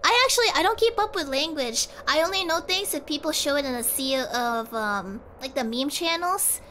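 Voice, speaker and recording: A woman's voice: high-pitched, animated, moderate pace, pushed and bright, slight background noise. A young woman streaming, chatting casually and rambling, giggling often and talking to her chat.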